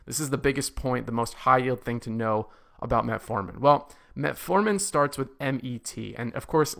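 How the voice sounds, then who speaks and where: A man's voice: mid-range voice, creaky, a bit bright. A man giving a recorded pharmacology lecture, explaining and repeating key points for emphasis. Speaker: medical lecturer.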